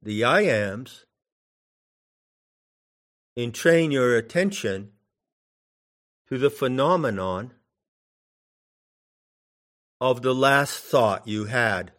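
A man giving slow meditation instruction in drawn-out phrases with long pauses. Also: mid-range voice, animated, a bit bright. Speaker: meditation teacher.

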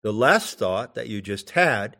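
A man giving slow meditation instruction in drawn-out phrases with long pauses. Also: lowish voice, big pitch swings, creaky, sharp tone. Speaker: meditation teacher.

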